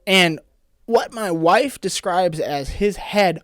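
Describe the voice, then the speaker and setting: A man's voice: sits high, slow, no echo. Laid-back guy telling stories, dry sound. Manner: laid-back, swears freely, animated storytelling. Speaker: podcast co-host. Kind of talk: casual chat.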